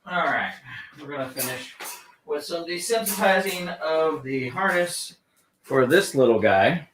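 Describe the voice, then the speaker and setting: A man training a dog on camera, gently encouraging it and explaining each step. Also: a little high, expressive, a little slow, far from the mic. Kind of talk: live training demonstration with explanation. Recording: echoey room, off-mic, faint noise.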